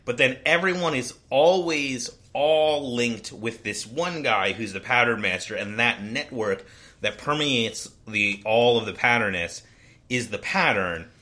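A man co-hosts a casual podcast about books, summarizing the plot in a rambling way and often restarting his sentences. His medium-pitched voice is pushed and bright, at a measured pace.

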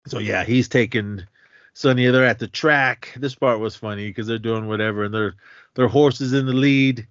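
A man's voice: medium pitch, moderate pace, no echo. Man animatedly retelling a movie plot. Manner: animated retelling, acts out quoted lines in raised voices, chuckles often. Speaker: podcast co-host. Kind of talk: casual chat retelling a film. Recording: dry, slightly dull lo-fi audio.

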